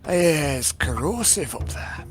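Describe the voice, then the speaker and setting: A man's voice: fairly high pitch, animated, takes it slowly, over music. A man playing a tabletop game, stammering and playful as he role-plays. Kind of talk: in-character role-play chat.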